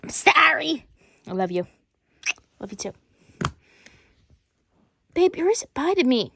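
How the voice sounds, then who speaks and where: High, lively woman voicing a whole cast. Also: gravelly, slight background noise. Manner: switches rapidly between many bickering character voices. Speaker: storyteller voicing every character. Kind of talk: improvised doll-play skit.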